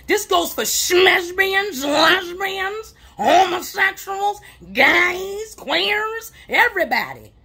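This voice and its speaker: High-voiced woman with a gravelly crackle, blunt slangy advice vlog, keeps repeating stuff for emphasis. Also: sharp tone. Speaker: relationship advice vlogger. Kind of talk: casual straight-talking monologue.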